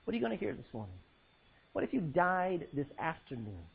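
Husky, animated preacher man. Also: on the high side, fairly quick, narrow, tinny audio. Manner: dramatic swings from loud to hushed, quotes scripture in old style. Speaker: pastor. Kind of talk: sermon.

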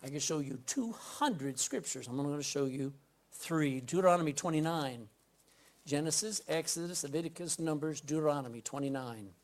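Emphatic preacher man with loud bursts. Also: fairly high pitch, moderate pace. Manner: emphatic, swings between loud scripture reading and quiet asides; asks the congregation direct questions. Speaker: pastor. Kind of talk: sermon. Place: church pulpit.

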